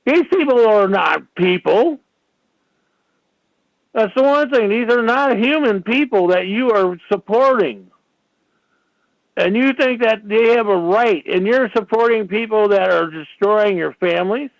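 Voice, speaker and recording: A man with a high, gravelly voice rants his way through a rambling radio monologue, leaning on "you know" again and again. The sound is dry and close, with a dull, lo-fi radio quality. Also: unhurried, dry recording. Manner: ranting, filler-heavy, many "you know"s. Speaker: radio show host.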